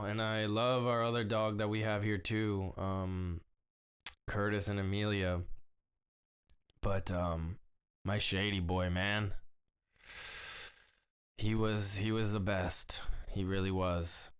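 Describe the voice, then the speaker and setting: A young man hosting a podcast, talking slowly and haltingly in a casual solo monologue with many fillers. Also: on the low side, clear, resonant tone. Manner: slow, halting, emotional talk with many fillers. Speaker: podcast host.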